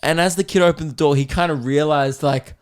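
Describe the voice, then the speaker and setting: A man's voice: steady tone, fairly quick, clear, resonant tone. Man, Australian accent, comedy podcast host, casual storytelling, swears and laughs. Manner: swearing, laughing, mimicking kids in a high voice.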